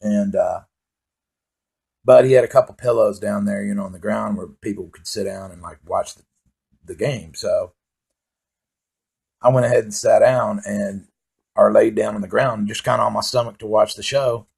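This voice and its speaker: A man's voice: lowish voice, steady tone, moderate pace, gravelly, pauses often, darkish tone, husky. A man doing rambling, profane stand-up storytelling, full of fillers. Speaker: comedian. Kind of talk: stand-up monologue.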